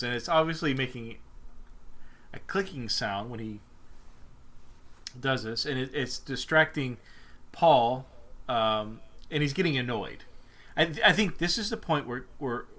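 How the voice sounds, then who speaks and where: Male podcast co-host with a bright, forceful voice, rambling casual chat. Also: medium pitch, animated, unhurried. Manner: loose and rambling, many fillers and restarts.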